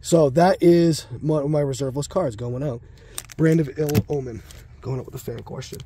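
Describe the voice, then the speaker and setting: Here the host's voice is fairly high and mellow at a moderate pace, with slight background noise. Sick and breathing hard, he opens card packs in his basement at home, rambling along crudely and muttering to himself.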